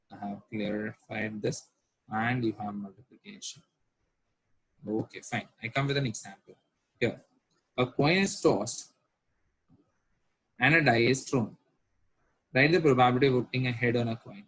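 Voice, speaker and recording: A man's voice: mid-range voice, husky, no room sound, low-quality recording. A man, teaching a recorded math lesson and often asking whether students follow. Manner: repetitive, checks understanding with rhetorical questions. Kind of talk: recorded lecture at a whiteboard.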